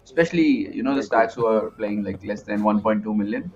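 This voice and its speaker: A man's voice: fairly low pitch, brisk, crowd noise. A man with an Indian accent giving chatty, analytical live poker commentary, often restarting his sentences. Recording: muffled lo-fi sound.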